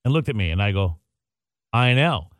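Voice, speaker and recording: A man hosting a morning radio show, telling a story in a casual, animated way and acting out the dialogue. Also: fairly low pitch, normal speed, no room sound.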